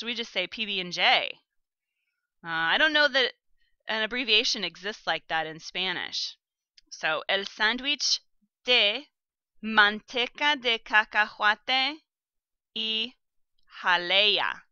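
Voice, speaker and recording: A woman teaching a vocabulary lesson, pronouncing each word slowly and carefully and giving plain instructions to her students. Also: mid-range voice, expressive, bright, forceful tone, clean tone, no room sound, muffled recording. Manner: slow, careful pronunciation of vocabulary. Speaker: language teacher.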